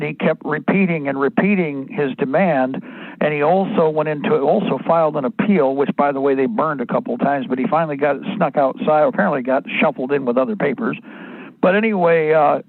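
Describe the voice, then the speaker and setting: A man's voice: fairly high pitch, a little fast, gravelly, no room sound. A man hosting a talk radio show, rambling and blunt, often restarting his sentences, crude at times. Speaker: radio host. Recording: dry, tinny phone-like sound.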